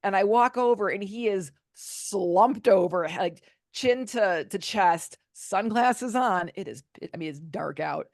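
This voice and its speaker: A woman's voice: mid-range voice, unhurried, hardly any pauses, dry recording, clean studio sound. Candid woman telling a personal story. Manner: candid, animated retelling with acted-out quotes. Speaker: podcast guest, author.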